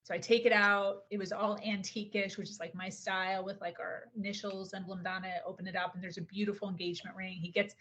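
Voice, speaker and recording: A young adult woman telling a personal story in a casual, animated way, often saying "like" and acting out what people said. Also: mid-range voice, brisk, hardly any pauses, a little hiss or hum. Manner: animated, acts out quotes, says "like" often. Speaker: podcast guest.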